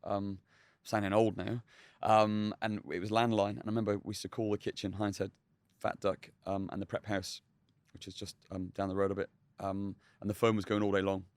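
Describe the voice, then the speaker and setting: Fast-talking chef, chatty. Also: male voice, on the low side, flat delivery, no room sound. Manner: quick, chatty, many fillers and restarts. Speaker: chef, podcast guest. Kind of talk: casual storytelling.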